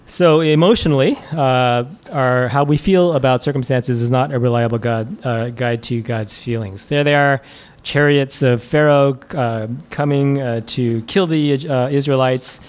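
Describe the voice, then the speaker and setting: A man's voice: medium pitch, a little slow. A man preacher giving a casual, conversational sermon, chuckling often and using many fillers.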